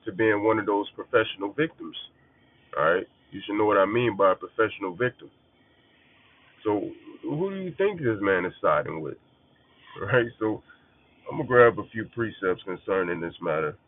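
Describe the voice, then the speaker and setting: This is a man preaching scripture at a moderate pace in a lowish, expressive voice. He's casual and blunt, profane, and drives his points in by saying them again and again, all heard through a phone-like narrow band.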